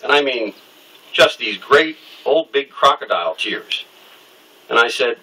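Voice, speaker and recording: A man's voice: medium pitch, expressive, unhurried, pushed and bright, slightly rough, distant mic, low-quality recording. A middle-aged man telling a personal story in an interview, candid and wry, acting out the people he quotes.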